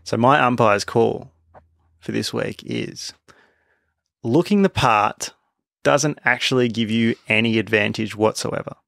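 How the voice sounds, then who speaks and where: Gravelly man, rambling chat. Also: medium pitch, measured pace, fairly bright tone, no room sound, studio quality. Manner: rambling, many restarts and fillers. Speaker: podcast co-host. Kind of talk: casual chat.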